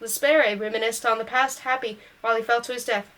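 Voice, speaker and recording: A woman reading a science fiction short story aloud, in a steady, unhurried storytelling manner that voices the characters' dialogue only lightly. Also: a little high, poor audio. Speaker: reader.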